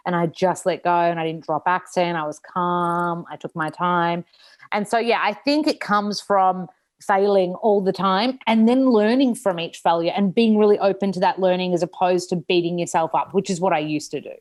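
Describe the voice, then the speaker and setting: A woman's voice: fairly low pitch, fairly even intonation, normal speed. An Australian woman in her thirties, an author talking openly about her own setbacks in a casual interview, with lots of likes and restarts. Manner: open, reflective, frequent likes and restarts. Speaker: author and nutritionist guest. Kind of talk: candid casual interview talk.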